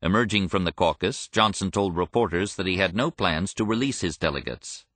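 A man reading a history book aloud in measured scripted narration, lifting his voice for quoted speech. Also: deep voice, big pitch swings, fairly bright tone, no echo. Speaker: audiobook narrator.

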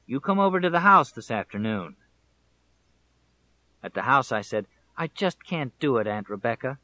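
A man's voice: mid-range voice, expressive, normal speed, bright, forceful tone, lo-fi sound. A man voicing an earnest elderly countrywoman. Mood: reminiscing. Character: elderly small-town woman, fond and earnest. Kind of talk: audiobook character reading.

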